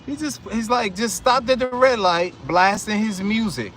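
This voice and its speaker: A man talks casually and chattily to his viewers in a slightly higher voice, filming himself outdoors in a city lot. Faint street noise sits behind him. His delivery is loose and easygoing. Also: expressive, normal speed, few pauses, a bit bright. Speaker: vlogger. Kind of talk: casual live vlog.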